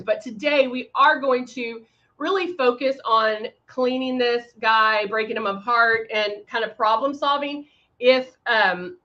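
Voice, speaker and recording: A woman's voice: a little high, sharp tone. A woman hosting a live makeup tutorial, chatting with viewers and greeting them by name between steps, with frequent fillers. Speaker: makeup demonstrator hosting a livestream. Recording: slightly dull livestream audio.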